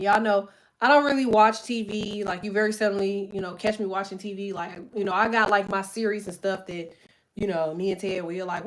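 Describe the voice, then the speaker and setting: A woman's voice: medium pitch, a little hiss or hum. A woman vlogger talking casually to her followers in a profane, rambling way, with plenty of "like" fillers.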